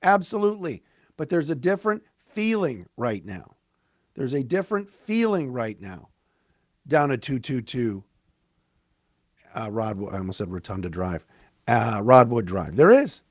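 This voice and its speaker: A man hosting a solo sports podcast, recapping a game in an excited, emphatic, conversational way. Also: mid-range voice, a little slow, long pauses, no echo, studio quality. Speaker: podcast host.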